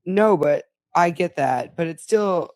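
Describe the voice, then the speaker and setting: A woman's voice: lowish voice, expressive, slow, a little mellow, dry recording. A woman co-hosting a podcast in casual chat, ranting and swearing with mock outrage. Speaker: podcast co-host.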